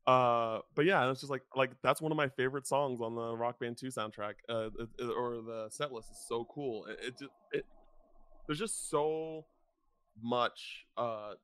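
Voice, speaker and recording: A man's voice: mid-range voice, steady tone, normal speed, a bit bright, smooth, dry recording. A young man rambling in casual podcast chat, filling his talk with "like" as he goes. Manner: rambling, full of "like" fillers. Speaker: podcast co-host.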